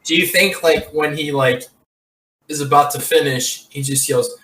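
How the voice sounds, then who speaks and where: Male podcast co-host, bright tone, rambling and hesitant delivery, echoey room, slightly off-mic, faint noise floor. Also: a little high, a little slow, distant mic. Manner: rambling, hesitant, heavy with fillers. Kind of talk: casual chat.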